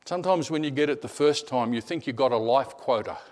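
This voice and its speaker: A middle-aged man delivers a sermon built on personal stories. He swings between animated telling and hushed, almost whispered moments, often repeating words as he goes. His pitch sits in an ordinary middle range. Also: brisk. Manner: animated storyteller, repeats words, drops to a hush. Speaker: preacher.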